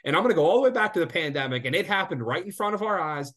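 A man co-hosting a casual podcast, ranting with lots of swearing and animated outbursts. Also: a little high, very fast. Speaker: podcast co-host. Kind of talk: casual sports betting podcast chat.

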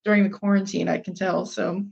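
A woman's voice: mid-range voice, flat delivery, fairly quick, gravelly, a little mellow, slightly rough. Young woman gabbing on a podcast, lots of ums and laughs, kinda dull lo-fi audio. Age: young adult. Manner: chatty, lots of fillers and laughs. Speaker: podcast co-host. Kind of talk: casual chat.

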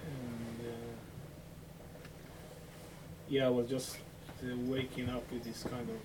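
Man, audience questioner, hesitant, flat monotone delivery, distant mic, noticeable background noise. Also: medium pitch. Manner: hesitant, full of restarts, halting. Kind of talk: personal sharing in a talk.

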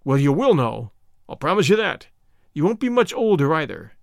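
A man's voice: a little high, sing-song, moderate pace, vocal fry, dry recording, studio quality. A man reading a story aloud, voicing a curt, swaggering young man who threatens his rival. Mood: menacing. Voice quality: curt, savage.

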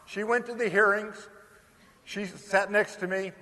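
An older American man telling a lively anecdote to an audience, acting out the dialogue. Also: high voice, unhurried. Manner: animated, acts out quoted dialogue. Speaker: storyteller speaker. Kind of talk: anecdotal storytelling talk. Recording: long hall reverb.

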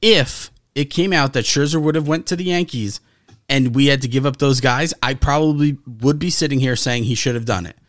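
A man's voice: medium pitch, fairly quick, no echo, studio quality. A man co-hosting a casual sports podcast, talking emphatically and swearing often. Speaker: podcast co-host.

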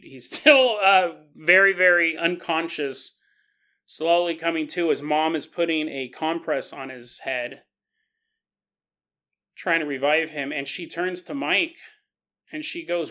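Bright, animated male storyteller. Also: on the high side, a little slow. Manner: animated, conversational retelling. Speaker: podcast host. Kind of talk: paranormal storytelling.

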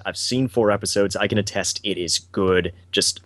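A man's voice: lowish voice, normal speed, fairly bright tone, dry recording. A man in a casual podcast chat, teasing and joking with the others.

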